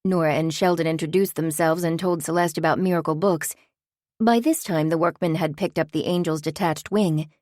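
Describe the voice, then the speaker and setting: Low-voiced woman reading a story. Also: normal speed, a little mellow, no room sound, clean studio sound. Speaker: narrator. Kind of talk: scripted audiobook narration.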